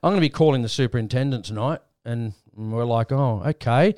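Aussie guy rattling off a story on a podcast, quick talker, dry close sound. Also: mid-range voice, no room sound. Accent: Australian. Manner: rambling, animated retelling with quoted voices. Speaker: podcast host. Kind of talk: casual chat, storytelling.

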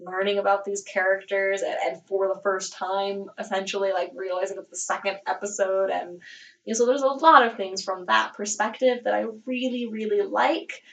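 A woman's voice: mid-range voice, fairly even intonation, normal speed, far from the mic, rough recording. A woman hosting a podcast in casual chat, talking in a chatty way full of "like" and "um". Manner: chatty, lots of "like" and "um", laughs easily. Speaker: podcast host.

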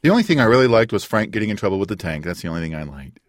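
A man's voice: lowish voice, sing-song, rapid-fire, no room sound, clean studio sound. A man in a casual podcast chat, joking wryly and laughing at his own lines. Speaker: podcast co-host.

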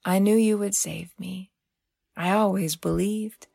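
A woman's voice: medium pitch, fairly even intonation, unhurried, creaky, mellow, no room sound, clean studio sound. A woman putting on a grieving proud old woman. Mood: tearful relief.

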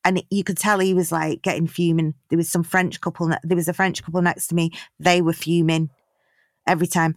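British woman telling a story, animated. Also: fairly low pitch, fairly quick, dry recording, clean studio sound. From Britain. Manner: animated storytelling, swears freely. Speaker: podcast co-host. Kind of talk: casual comedic chat.

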